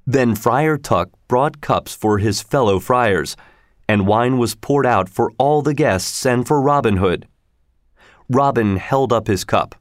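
A man narrating a storybook in a steady, measured way. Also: mid-range voice, dry recording, studio quality.

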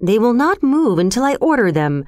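A woman voicing a huge male python in a storybook reading, with a slow, hissing, commanding delivery. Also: on the high side, sing-song, darkish tone, no echo, clean studio sound, pitched above the performer's own voice.

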